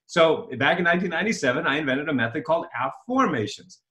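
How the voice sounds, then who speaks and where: A man's voice: on the high side, animated, quick pace, a bit bright. A man talking as a self-help author and coach in an interview, eagerly explaining his method and repeating phrases as he goes. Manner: enthusiastic, self-promoting, repeats himself. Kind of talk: promotional interview talk.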